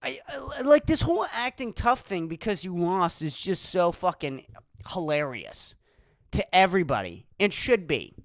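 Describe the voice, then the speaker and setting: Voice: medium pitch, big pitch swings, moderate pace, no room sound. A podcast host from Massachusetts, ranting solo in a profane, emphatic way that keeps circling back on the same points.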